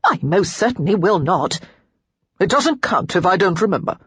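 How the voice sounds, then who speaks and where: Spirited teasing young lady, played by a woman narrator, higher and husky, lively lilt, audiobook. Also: normal speed, no echo, heavily acted. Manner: higher and brighter, playful.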